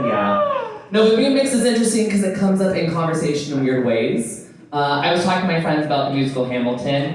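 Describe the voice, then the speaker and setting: A man's voice: on the high side, noisy background. A man doing a stand-up set, playful and self-mocking, laughing at his own jokes. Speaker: stand-up comedian. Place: nightclub stage. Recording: echoey club from far off, audience audible.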